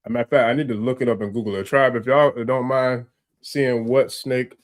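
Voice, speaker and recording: A man hosting a livestream on a video call, relaxed, chatting in rambling asides. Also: mid-range voice, brisk. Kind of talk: casual livestream conversation.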